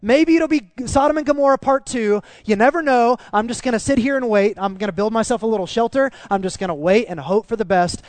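A man's voice: very high voice, a little fast, few pauses, a little mellow, no echo, voice pushed up. A man voicing a sulking, petulant male prophet who whines and pleads. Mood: sulky pleading.

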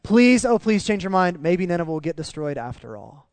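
A man's voice: high voice, sing-song, fairly quick, no room sound. A man voicing a sulking, petulant male prophet who whines and pleads. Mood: sulky pleading.

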